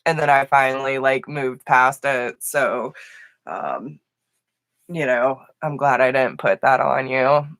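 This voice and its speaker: A woman's voice: extremely low pitch, takes it slowly, a bit bright, no room sound. A woman giving live tarot readings, affectionate and emotional, laughing often. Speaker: tarot reader.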